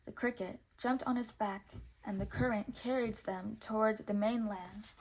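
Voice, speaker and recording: A woman reading a children's storybook aloud in clear, measured narration. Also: medium pitch, steady tone, a little mellow, a little hiss or hum. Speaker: storybook reader.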